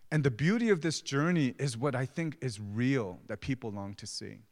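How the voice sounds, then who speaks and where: A man's voice: medium pitch, animated, moderate pace, a little mellow. A middle-aged man preaching as a pastor, conversational and self-deprecating as he tells stories about his own family. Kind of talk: sermon. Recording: long hall reverb.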